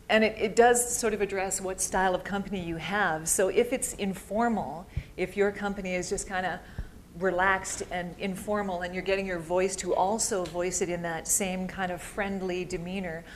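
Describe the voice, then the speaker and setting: Woman, voice-over artist, live panel Q&A, chatty, upbeat, faint background hum. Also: fairly low pitch. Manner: chatty, upbeat, laughs easily. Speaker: voice-over artist answering audience questions.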